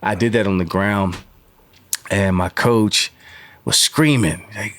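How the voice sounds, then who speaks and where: Low-voiced man telling old stories. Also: lively intonation, normal speed, no room sound. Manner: rambling with many fillers and acted quotes. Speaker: guest. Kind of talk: casual storytelling interview.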